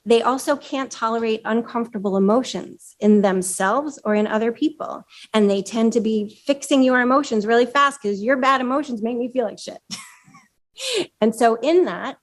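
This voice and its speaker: A woman's voice: a little high, moderate pace. A woman giving a live presentation at a chapter meeting, talking conversationally with fillers and putting questions to the audience.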